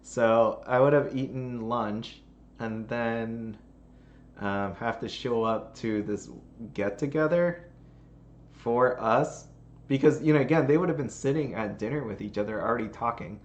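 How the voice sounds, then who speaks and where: A man's voice: medium pitch, unhurried, muffled recording. A man hosting his channel, chatting casually and telling a rambling holiday story, laughing at it as he goes. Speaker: channel host.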